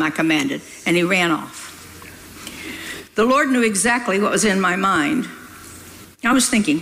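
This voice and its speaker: A woman preacher telling a story from the pulpit, lively and teasing, scolding with laughter. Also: mid-range voice, normal speed, pauses often, a little hiss or hum, poor audio. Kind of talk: sermon storytelling.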